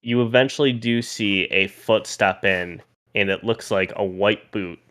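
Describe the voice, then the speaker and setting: A man's voice: fairly low pitch, a little slow, a bit bright. A man narrating a tabletop role-playing game as game master, in a casual, loose way that thinks aloud.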